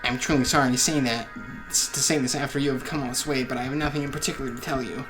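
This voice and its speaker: A man's voice: mid-range voice, steady tone, fast, music in the background, lightly acted. A man doing a bitter goblin-voiced old doctor. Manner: stiff, formal and bitter. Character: resentful older male doctor as a goblin. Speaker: podcast co-host reading a game aloud.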